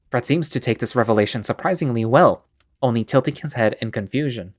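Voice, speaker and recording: A man's voice: on the low side, fairly even intonation, fairly quick, no room sound, soft background music. Man narrating an audio drama. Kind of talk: second-person scripted audio-drama narration.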